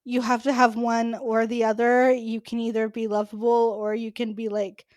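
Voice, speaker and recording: A woman co-hosting a podcast in loose, chatty talk, her speech full of "like" fillers. Her voice sits a little high, recorded close and dry with no room sound. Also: little pitch movement, moderate pace, a little mellow, no room sound. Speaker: podcast co-host. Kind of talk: casual chat.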